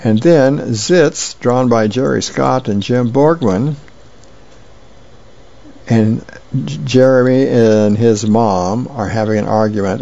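A man reading newspaper advice letters and comics aloud in a plain, unhurried way, stumbling now and then. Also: mid-range voice, gravelly, dark tone, lo-fi sound. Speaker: reader of newspaper features.

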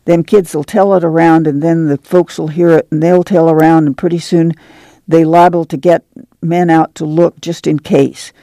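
Poor farm mother, tender and stern, a man putting her on, folksy speech, gravelly texture. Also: fairly high pitch, steady tone, moderate pace, dark tone, no echo, natural voice. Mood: uneasy. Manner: folksy rural dialect, pleading and stern. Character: worried poor farm mother, middle-aged woman, tender but firm. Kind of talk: audiobook character reading.

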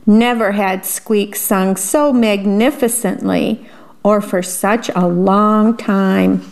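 A woman reading a picture book aloud and pausing to describe the pictures in a chatty aside. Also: mid-range voice, steady tone, darkish tone. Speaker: storyteller.

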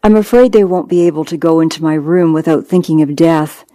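Soft apologetic dying lady, kinda teary, as the reader puts her on, dry close sound. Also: low voice, brisk, no room sound, natural voice. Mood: afraid. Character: dying middle-aged woman, gracious and polished. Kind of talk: audiobook narration.

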